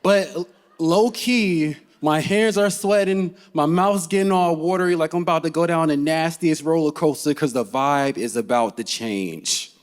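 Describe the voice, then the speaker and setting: A man telling a funny personal story to a live audience, animated and laughing as he goes. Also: a little high, normal speed. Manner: animated and comic, laughing as he tells it. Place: theater stage.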